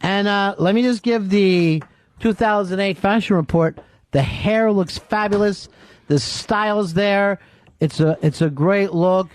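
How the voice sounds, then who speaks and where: A man's voice: sits high, slight background noise. Wry, teasing male radio host. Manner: wry, teasing, halting with many fillers. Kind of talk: casual radio banter.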